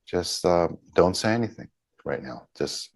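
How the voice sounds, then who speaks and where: A man leading a group healing session over a video call, talking gently and haltingly with many pauses. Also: low-pitched, lively intonation, dry recording.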